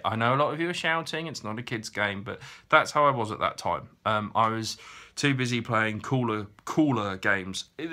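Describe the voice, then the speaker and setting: A man talks through viewer questions in a relaxed, honest way. His voice has a bright, forward edge, and he pauses often with ums as he gathers his thoughts. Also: medium pitch. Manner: chatty, frank, hesitant with frequent ums. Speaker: YouTuber answering viewer questions. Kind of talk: casual Q&A chat.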